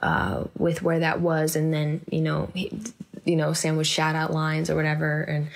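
Young woman, low-ish voice, candid rambling interviewee. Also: moderate pace, gravelly. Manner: rambling, reflective, many fillers and restarts. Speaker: actor being interviewed.

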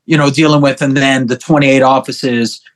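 A middle-aged man telling stories as a guest on an interview show, animated and profane. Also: mid-range voice, normal speed. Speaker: guest musician. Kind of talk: casual interview chat.

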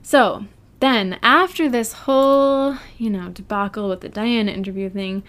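A woman's voice: on the high side, unhurried. A woman hosting a chatty podcast, talking casually and often laughing as she reads a transcript aloud. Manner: animated, laughs often while reading. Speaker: podcast host.

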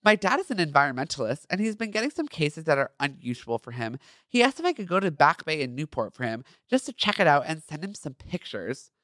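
A man's voice: on the high side, big pitch swings, brisk, sharp tone, dry recording, clean studio sound. A man reading the lines of a friendly young male actor in his own fan fiction, cheerful and easygoing. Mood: upbeat.

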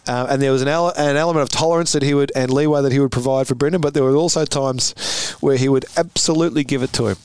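A man in his forties with an Australian accent, a former footballer telling stories as a guest, animated and often laughing. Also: medium pitch, racing, few pauses, smooth. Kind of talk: casual storytelling interview.

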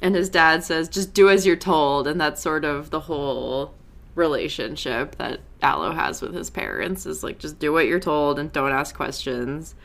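A young woman talks through an episode in a loose, chatty way, tossing in quick asides as she goes. Her voice sits low for a woman yet has a bright, forward edge to it. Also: vocal fry. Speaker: show recap host. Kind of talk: casual episode recap.

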